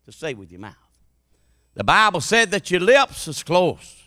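A man preaching a sermon, dropping to a hushed murmur and then rising to loud, impassioned appeals. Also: high voice, sing-song, moderate pace, no room sound, studio quality.

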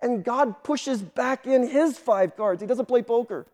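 High-voiced man preaching in a reverberant hall. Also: unhurried, a little mellow. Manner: emphatic preaching, repeats words when starting sentences. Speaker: guest pastor. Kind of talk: sermon.

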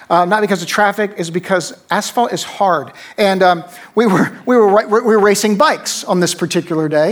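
A middle-aged man preaching a sermon to a congregation. He tells a story in a conversational way, repeats his key phrases and keeps checking in with "right?". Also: sits high. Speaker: pastor.

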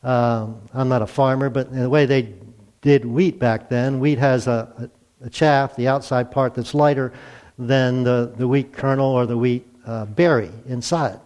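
A man's voice: mid-range voice, steady tone, unhurried, darkish tone. A male pastor preaching a sermon in a conversational way, asking rhetorical questions. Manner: conversational, asks rhetorical questions, acts out quotes.

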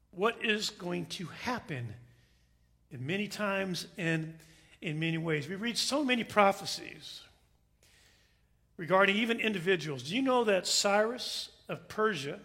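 A man's voice: high-pitched, animated, measured pace, sharp tone. A man preaching a sermon, opening with a joke and then speaking in an earnest, emphatic way. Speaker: pastor.

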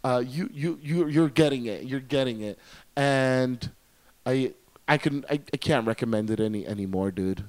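A man talking loosely on a podcast, piling up fillers and restarts as he gushes. His voice sits at an ordinary middle pitch. He sounds eager and unpolished. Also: moderate pace, a little mellow. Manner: enthusiastic, rambling, lots of fillers. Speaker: guest reviewer. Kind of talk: casual podcast chat.

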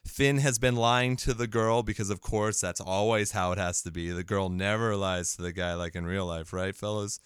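A man's voice: fairly low pitch, steady tone, moderate pace, hardly any pauses, clear, resonant tone, no echo, studio quality. A man co-hosting a casual movie podcast, sarcastic and playfully smug, swearing freely. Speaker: podcast co-host.

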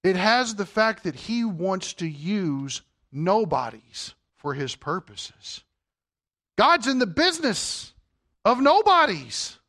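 A man's voice: high-pitched, sing-song, takes it slowly, sharp tone. A man preaching a sermon as pastor, emphatic and full of rhetorical questions.

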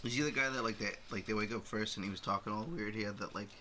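A man's voice: on the low side, racing, sharp tone, a little hiss or hum. A man co-hosting a casual movie podcast, rambling with many fillers and crude jokes. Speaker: podcast co-host.

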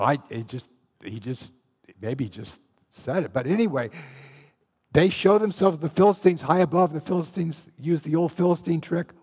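A man's voice: a little high, expressive, normal speed, a little mellow, breathy edge, long reverb tail. A man preaching a sermon, retelling Bible stories and acting out the voices of the people in them. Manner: storytelling, acts out Bible scenes with shifting voices.

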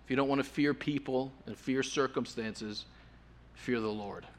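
A man's voice: mid-range voice, normal speed. Earnest man preaching a sermon. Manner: earnest, swings from forceful emphasis to hushed softness.

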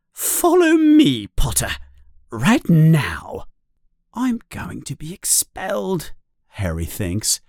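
A man narrating a simplified children's story in a slow, clear read for learners. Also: mid-range voice, darkish tone, dry recording, clean studio sound.

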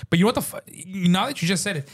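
A man co-hosting a podcast, telling a story in a casual, animated way, swearing freely and saying bro a lot. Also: high voice, very fast, creaky, husky. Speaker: podcast co-host.

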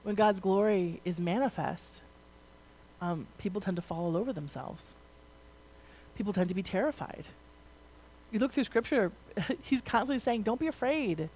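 A woman's voice: medium pitch, expressive, moderate pace, long pauses, a little mellow, rough recording. Conversational woman preaching a sermon. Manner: conversational, rising to emphatic, frequent "like" and "right?".

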